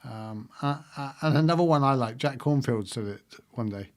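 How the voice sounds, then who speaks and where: A man's voice: mid-range voice, moderate pace. A man hosting a livestream, talking casually and reflectively to his viewers and laughing often. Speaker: livestream host.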